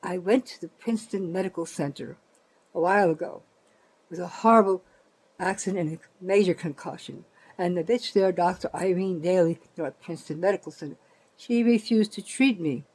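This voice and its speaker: An older woman talks in a low, mellow, husky voice. She rambles through a profane, indignant vlog rant, restarting her sentences as she goes. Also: a little fast, poor audio. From New Jersey, USA. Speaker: vlogger.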